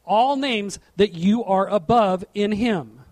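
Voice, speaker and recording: A middle-aged man preaching a sermon from a church platform, animated and asking the congregation questions. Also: high-pitched, takes it slowly. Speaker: pastor.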